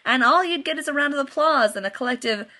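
A brash young man, crude and mocking, his taunts coming out loud and cheeky, as a woman reads him aloud. He swears freely and teases without pause, a storybook figure read by one reader. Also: sits high, animated, voice pushed up.

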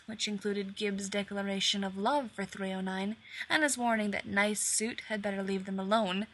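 A woman reading a story aloud in an expressive way, voicing each character. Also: medium pitch, slightly rough. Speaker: reader.

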